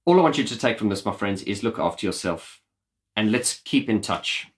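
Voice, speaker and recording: A man hosting his own YouTube channel rants to camera, earnest and impassioned, with blunt swearing. His lowish voice is expressive and fairly quick.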